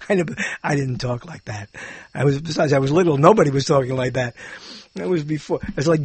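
A man's voice: a little high, expressive, a little fast, vocal fry, slightly rough, dry recording. An older man rambling through a meandering, self-interrupting monologue, chuckling as he muses.

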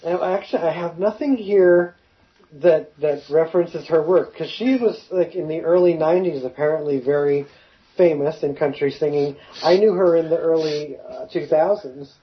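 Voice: medium pitch, moderate pace. A co-host in a casual chat, reading notes aloud and adding wry remarks. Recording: dull lo-fi sound.

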